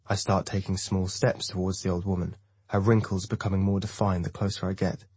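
Low husky male audiobook narrator. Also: little pitch movement, brisk, a little mellow, dry recording. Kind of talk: first-person audiobook narration.

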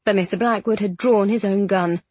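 A woman reading a novel aloud in a wry, even storytelling manner. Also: mid-range voice, fairly quick, breathy edge, dry recording. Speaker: audiobook narrator. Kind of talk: scripted narration.

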